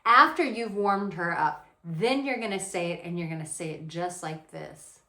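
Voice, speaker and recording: Blunt, animated woman dating coach. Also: fairly low pitch, moderate pace. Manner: blunt, animated, swears casually. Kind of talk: casual advice to camera. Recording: roomy echo.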